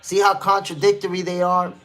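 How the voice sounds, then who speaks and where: A man's voice: high voice, monotone, a little fast, a bit bright. A man from New City, hosting a live stream and giving casual commentary while reading the chat, emphatic and repetitive. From New York City. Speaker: livestream host.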